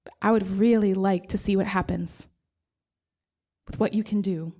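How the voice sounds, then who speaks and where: A woman voicing a calm, gentle male doctor who speaks in a measured, matter-of-fact way. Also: sits high, voice pushed down.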